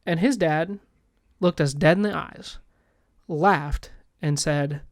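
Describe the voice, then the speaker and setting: A man co-hosting a casual podcast, telling a story in a profane, animated way. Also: fairly high pitch, takes it slowly, dry recording, clean studio sound. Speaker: podcast co-host.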